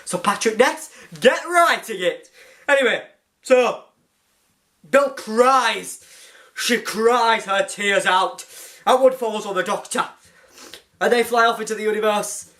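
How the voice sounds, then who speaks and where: A hyper fan reviewer recaps an episode in a rush of excitement. The speaker rambles and gushes, circling back with "anyway" again and again. The voice sits at a middling pitch. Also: takes it slowly, pauses often. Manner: hyper, gushing and rambling, often restarts with "anyway".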